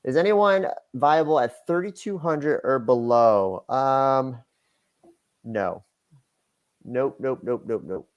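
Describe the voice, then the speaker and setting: A man's voice: mid-range voice, slow, long pauses, dull audio. A man co-hosting a casual livestream, giving sports picks in a loose, rambling way with many fillers. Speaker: co-host, sports betting analyst.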